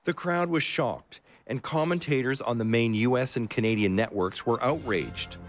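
A man hosting and narrating a radio sports documentary, telling the story in a measured, expressive way and asking interview questions. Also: medium pitch, no echo, soft background music. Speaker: host and narrator.

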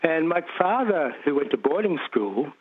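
A man's voice: on the high side, sing-song, moderate pace, slightly rough. A man with an Australian accent calling in to a radio show, chatty and rambling with restarts. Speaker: caller. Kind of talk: radio call-in chat. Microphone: phone. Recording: tinny phone line.

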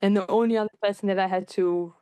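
Speaking quickly in a clean tone on a dry recording, a middle-aged Fijian documentary filmmaker tells her personal story in an interview. She's animated, acting out what people said with big jumps in pitch.

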